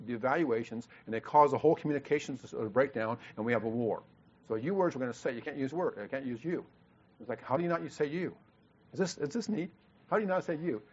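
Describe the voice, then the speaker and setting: A man teaches a marriage seminar at a brisk clip, earnest and full of stammered restarts. His voice sits at a middling pitch. The recording is dull and lo-fi. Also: breathy edge.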